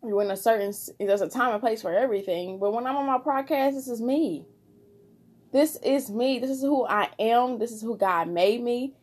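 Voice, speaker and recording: A woman with a somewhat high-pitched voice talks straight to her podcast audience. Her delivery is informal and heartfelt, with plenty of repetition and restarts, like an off-the-cuff devotional chat rather than a formal sermon. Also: moderate pace, a little mellow. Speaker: podcast host. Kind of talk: casual spoken devotional encouragement.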